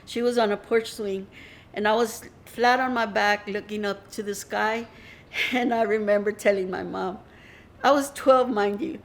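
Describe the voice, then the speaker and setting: A woman's voice: mid-range voice, steady tone, normal speed, slight background noise. An older woman from the North Side of Houston tells her personal history in an interview, reflective and openly emotional. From North Side of Houston, USA. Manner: reflective, emotional, fond storytelling. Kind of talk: personal oral-history account.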